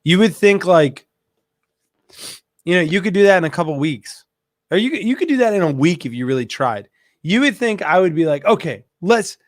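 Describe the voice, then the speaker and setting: Male host, casual livestream, stuffy nose, animated, slightly high voice, dry close sound. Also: no room sound. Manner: animated, laughs at his own stories. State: stuffy with allergies. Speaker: aquarium shop host.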